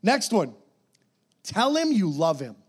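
Man preaching, middle-aged, high voice, very lively swings in pitch, casual sermon talk. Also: takes it slowly, slightly rough. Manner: animated and conversational, drops to soft whispered prayers.

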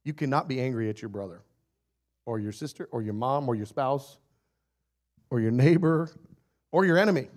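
Playful, animated male preacher. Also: medium pitch, moderate pace, long pauses. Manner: animated and playful, acting out little scenes, often laughing. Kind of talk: sermon.

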